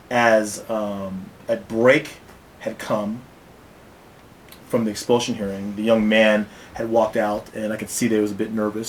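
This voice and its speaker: A man with a fairly low voice tells his own story with many pauses, fillers and restarts. He sounds like a teacher describing a difficult day. A faint low rumble sits under the recording. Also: rough recording. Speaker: teacher recounting an incident. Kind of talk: personal account to camera.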